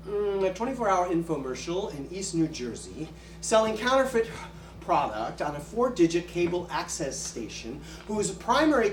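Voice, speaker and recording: An actor playing a jittery middle-aged man with vocal tics, a former infomercial pitchman, in a live theater monologue; he stammers and repeats words. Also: fairly bright tone, a little hiss or hum. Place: small theater stage. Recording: echoey live theater from far off.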